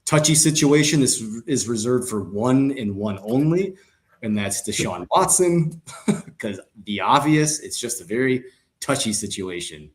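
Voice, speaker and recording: A man's voice: mid-range voice, a little slow. Guy riffing on football backups for a podcast, jokey, lots of ums and restarts. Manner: animated, joking, many fillers and restarts. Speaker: podcast co-host. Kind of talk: casual sports chat.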